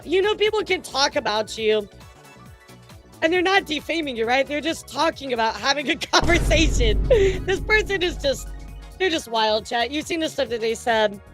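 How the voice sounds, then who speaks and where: A chatty woman reacting to clips for her viewers, her voice sitting high. Faint music plays softly beneath her. She speaks loosely and casually. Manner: chatty, addresses chat directly. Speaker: commentary streamer.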